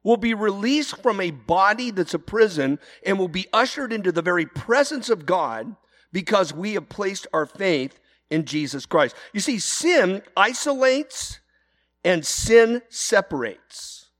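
A man's voice: high voice, big pitch swings, a little slow, fairly bright tone, in a large hall. A man preaching an earnest sermon, his voice rising into emphatic cries. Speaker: pastor.

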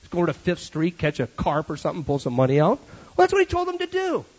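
A pastor preaching, his voice sitting high and leaping up and down as he tells his stories. He mixes the message with joking asides. The recording of the sermon is dull and lo-fi. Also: fast. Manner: animated storyteller with joking asides.

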